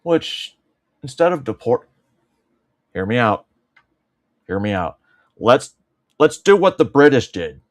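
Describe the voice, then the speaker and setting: A man's voice: medium pitch, big pitch swings, takes it slowly, pauses often. A man co-hosting, cracking sarcastic, profane jokes in casual chat. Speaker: co-host.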